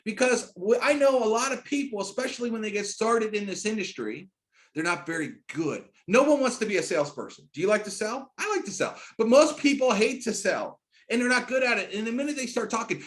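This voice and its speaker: This is a middle-aged network marketing trainer giving a sales training via screen share, expressive, hyped, and emphatic. He speaks in fast runs that suddenly jump into loud, high bursts.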